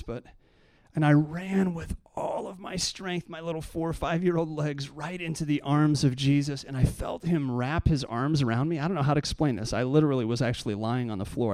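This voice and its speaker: A man's voice: fairly high pitch, a little fast, darkish tone, no echo, clean studio sound. Man preaching with rising passion. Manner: confessional storytelling building to impassioned preaching. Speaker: pastor. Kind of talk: sermon.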